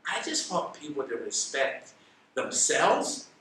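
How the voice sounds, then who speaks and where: Bright-voiced man telling stories, echoey room. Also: mid-range voice, takes it slowly. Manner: animated, acts out quoted dialogue. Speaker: interview guest. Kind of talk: casual interview storytelling. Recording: echoey room, distant mic, faint noise.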